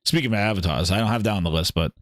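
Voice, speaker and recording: A man's voice: fairly low pitch, racing, dry recording, clean studio sound. A man hosting a gaming show, joking and exclaiming in a comedic livestream chat. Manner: animated, joking, exclaiming, laughing often.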